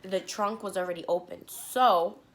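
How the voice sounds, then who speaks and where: A young woman vlogger telling a story to the camera between bites, animated and blunt, with the odd swear word. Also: medium pitch, normal speed, slight background noise. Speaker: mukbang vlogger. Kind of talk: storytime chat while eating.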